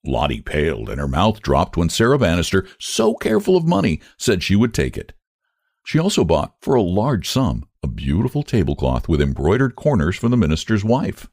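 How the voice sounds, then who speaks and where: A man narrates a classic short story in a very low, gravelly voice. He reads in a measured but expressive way, with a wide, lively pitch range. He is close to the mic in a dry room. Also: dry recording.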